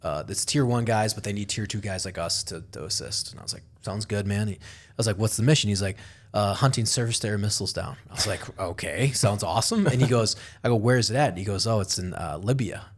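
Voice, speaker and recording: A podcast host chats casually and animatedly, speaking at a quick pace in a lowish voice. He swears often and acts out quotes from others in lively voices.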